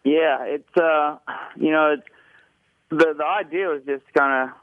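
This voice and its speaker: A man's voice: on the high side, steady tone, dry recording, phone-quality sound. A man answering interview questions casually, hesitant, with many fillers. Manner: halting, lots of fillers. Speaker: guest.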